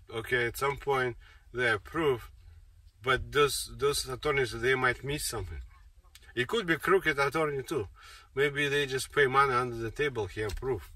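Insistent man with a sharp, bright voice. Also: medium pitch, husky. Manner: insistent, repetitive, circling back over points. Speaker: speaker giving a monologue. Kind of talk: rambling monologue. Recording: distant mic with faint noise.

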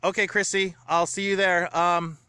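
A man vlogging from home, talking in an earnest, rambling, grateful way, excited and a little shaky. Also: high voice, normal speed, clean tone, no room sound. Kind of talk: emotional personal vlog.

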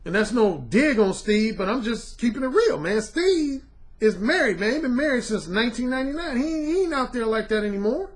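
A man's voice: extremely high pitch, animated, fairly quick. A middle-aged man and dating coach talking bluntly and casually to his viewers, dropping "man" and slang as he goes. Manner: blunt, colloquial, repeats "man".

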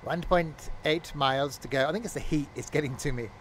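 A man's voice: fairly high pitch, fairly quick. Man, jokey game streamer, rambling, mutters to himself, faint train hum behind. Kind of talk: casual gameplay commentary.

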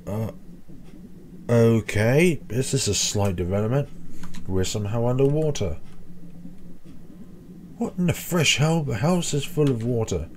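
A man's voice: mid-range voice, animated, unhurried, pauses often, darkish tone, a little hiss or hum. A young man playing a horror game, reading the dialogue aloud and adding sarcastic, joking asides. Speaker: let's play gamer.

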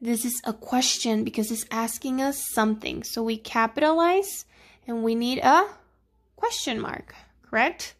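Slow, gravelly-voiced woman teacher. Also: a little high, fairly bright tone. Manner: slow, patient, checking in with "okay?" and "right?". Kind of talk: grammar lesson for children.

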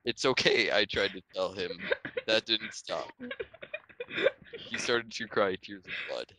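A young man reading a story aloud to friends, unhurried and often breaking into laughter at the text, on a home microphone. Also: fairly low pitch, noisy background. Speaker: reader.

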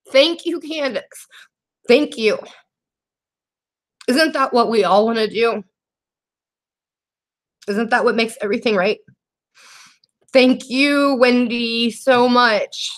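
A young woman hosting a casual makeup livestream, reading viewer comments aloud and talking in a warm, teary, laughing way. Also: mid-range voice. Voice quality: emotional, teary and laughing, says y'all.

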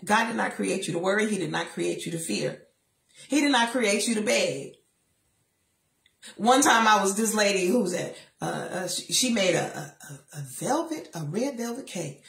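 A woman giving a lively motivational talk, telling personal stories and acting out the voices of the people in them. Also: medium pitch, normal speed, gravelly, reverberant. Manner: lively storytelling, acts out voices, preachy asides. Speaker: motivational speaker.

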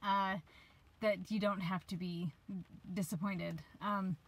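A woman's voice: mid-range voice, fairly even intonation, slow, poor audio. A woman in her thirties, a life coach, giving casual advice from her parked van, chatty and sometimes losing her train of thought. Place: parked van, rain outside.

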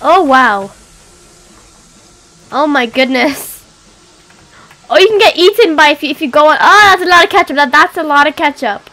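High, excitable woman playing a game. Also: normal speed, long pauses, soft background music. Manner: excitable, cries out and exclaims. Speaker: gameplay commentator. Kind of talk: casual game commentary.

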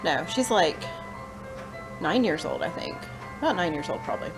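A woman's voice: on the low side, sing-song, moderate pace, music in the background, low-quality recording. A mother vlogging casually, coaxing her baby in a playful sing-song voice. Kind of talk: casual vlog chat and baby talk.

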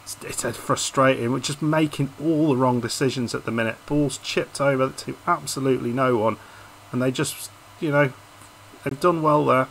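A man's voice: mid-range voice, steady tone, normal speed, vocal fry, a bit bright, a little hiss or hum, poor audio. A man commentating casually over a football management video game, frustrated and hesitant, often restarting his sentences. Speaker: YouTube gaming host.

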